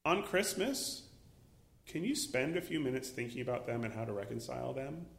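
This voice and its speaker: A man preaching a sermon as a pastor, animated, acting out little voices and exclaiming as he goes. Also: medium pitch, moderate pace, vocal fry, reverberant.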